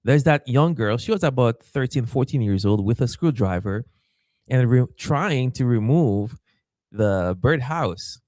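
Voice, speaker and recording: A Haitian pastor with a mid-range voice and a measured pace is recorded without echo. Telling a story in a podcast interview, he grows animated, acts out others' voices, and stammers and repeats himself.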